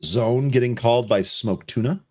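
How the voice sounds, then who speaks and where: A man co-hosting a live market show, calling out tickers and price moves in quick running chatter. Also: medium pitch, a little mellow. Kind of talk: live trading commentary.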